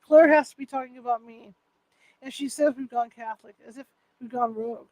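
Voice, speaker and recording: Lady reading her own book out loud, super high voice, stumbles n fixes words, dry sound. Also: steady tone, a little fast, dry recording, poor audio. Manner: unpolished, restarts and self-corrections. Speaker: author reading her novel. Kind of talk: first-person novel reading aloud.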